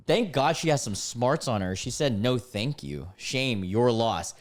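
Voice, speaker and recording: A man, reading chat screenshots aloud and mocking them in casual reaction commentary, often breaking into loud disbelief. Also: medium pitch, lively intonation, measured pace, few pauses. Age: 20s. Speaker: content creator reacting to screenshots.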